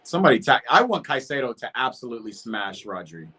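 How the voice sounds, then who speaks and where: Excitable man streaming a football watch-along. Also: medium pitch, fast, breathy edge. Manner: excitable, shouts at big chances, chatty with chat. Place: at home.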